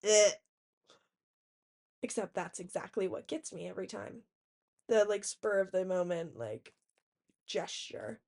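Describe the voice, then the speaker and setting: A woman's voice: medium pitch, moderate pace, vocal fry. A young adult woman recounting a personal story in a casual diary vlog, talking animatedly, saying "like" a lot and acting out quotes. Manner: animated retelling, heavy use of "like", acting out quotes. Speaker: diary vlogger.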